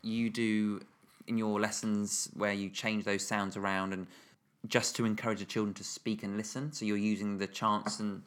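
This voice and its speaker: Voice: low voice, level tone, moderate pace. An interviewer asking curious follow-up questions and joining in chants.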